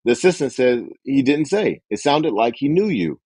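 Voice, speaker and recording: A man's voice: lively intonation, moderate pace, hardly any pauses, dark tone, no room sound, clean studio sound. A man hosting a book club, reading a business book aloud and acting out sample phone calls. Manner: acts out phone dialogue with raised pitch for characters.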